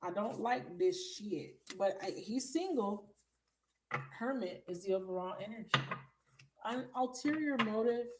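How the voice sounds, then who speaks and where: Woman, tarot reader, live stream, casual and blunt, swears a lot, medium pitch, background noise and clicking. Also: animated, measured pace. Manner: chatty, blunt and swearing, laughs often, talks to viewers as baby. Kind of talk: casual live reading chat. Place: at home.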